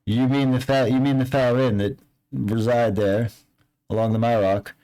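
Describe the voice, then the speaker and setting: A man's voice: mid-range voice, fairly even intonation, moderate pace, mellow, pitched above the performer's own voice, close to an everyday voice, low-quality recording. A man voicing a shifty streetwise male hustler in a tabletop game, stammering and repeating himself with sly insistence. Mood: conspiratorial.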